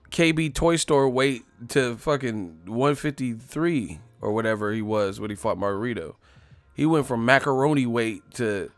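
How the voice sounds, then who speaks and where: A man's voice: mid-range voice, no echo. A man hosting a boxing channel, riffing in a loose, profane comedic rant and laughing often. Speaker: boxing commentator.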